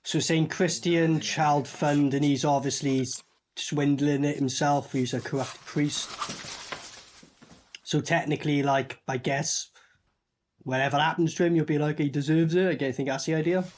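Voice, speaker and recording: A man's voice: a little high, steady tone, measured pace, a little hiss or hum. A man giving a sarcastic, swearing commentary while a cheap movie plays. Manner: sarcastic, swearing, talks over the film. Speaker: movie reviewer. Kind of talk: casual film commentary.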